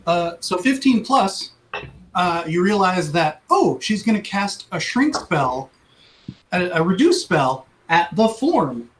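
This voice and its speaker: A man's voice: sits high, big pitch swings, slow, fairly bright tone. A man running a tabletop game as dungeon master, narrating in a playful, rambling way and laughing at his own story.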